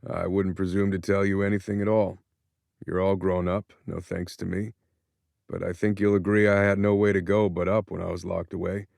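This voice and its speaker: Guy playing a remorseful ex-con dad, deep and quiet, halting, dry close audiobook sound. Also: little pitch movement, creaky, no room sound. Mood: subdued. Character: ex-convict father, older man, subdued, remorseful. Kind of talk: audiobook character voice.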